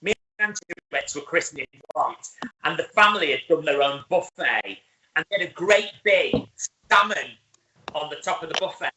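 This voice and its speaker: A man's voice: fairly high pitch, lively intonation, normal speed, pushed and bright, slight background noise, poor audio. A man telling rambling funny stories in casual chat and laughing a lot, as a show host.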